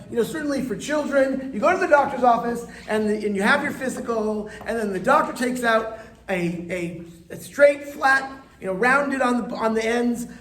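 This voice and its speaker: A rabbi with a very high, slightly bright male voice teaches a live class, chatting playfully and coaxing students to answer. The room is echoey, with faint ambient noise.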